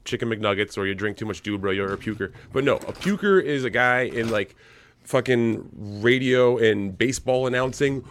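A man co-hosting a casual podcast, rambling and profane, dropping low and glum when he turns serious. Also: moderate pace. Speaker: podcast co-host.

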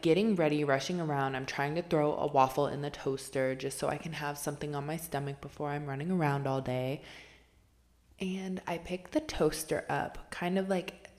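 A young woman hosting a podcast, telling a story from her own life in a loose, chatty way. Her voice sits low for a woman. She swears easily and leans on filler words. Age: 20s. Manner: chatty, animated, swears casually, lots of "like". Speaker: podcast host. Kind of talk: casual storytelling.

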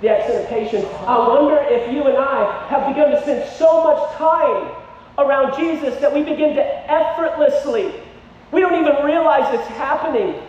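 A man preaching a sermon in a casual, storytelling way. He keeps checking in with "okay?" and builds to loud, emphatic peaks. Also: extremely high pitch, far from the mic. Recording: echoey hall, dull lo-fi sound.

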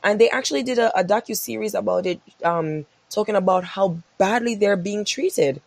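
A woman's voice: mid-range voice, moderate pace, vocal fry, no echo. A woman in casual podcast chat, pressing her points with rhetorical repeats.

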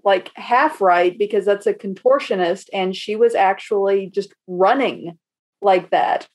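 Chatty animated woman co-host. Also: medium pitch, measured pace. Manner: animated storytelling, acts out her own reactions, casual swearing. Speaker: podcast co-host reviewing a horror movie. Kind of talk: casual chat.

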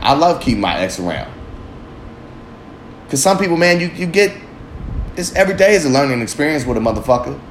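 In his own vlog, a man gives himself a casual pep talk laced with heavy profanity, speaking emphatically in a mid-range voice. Slight background noise is audible, along with room echo and faint ambience.

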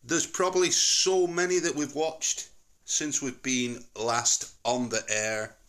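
A man's voice: mid-range voice, steady tone, slow, fairly bright tone. A middle-aged man with a Northern English accent, hosting a casual family chat at home in a rambling, jokey, digressive way. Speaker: podcast host.

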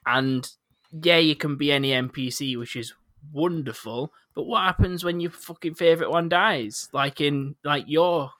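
A man's voice: on the high side, normal speed, sharp tone. A man co-hosting a casual gaming podcast, joking and dismissive, swearing freely. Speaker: podcast co-host.

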